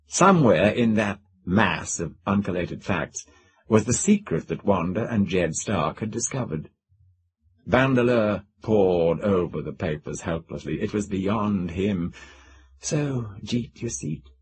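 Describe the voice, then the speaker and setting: A man narrating a science fiction audiobook in a low voice. His reading is dramatic and expressive, with wide swings of pitch. Lists and descriptions roll out with emphasis. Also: a little slow. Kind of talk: scripted narration.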